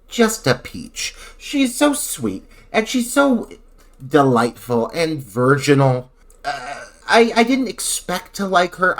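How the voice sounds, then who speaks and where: A man co-hosting a podcast, talking about a film with crude jokes and casual swearing. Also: mid-range voice. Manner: crude, joking and animated. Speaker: podcast co-host.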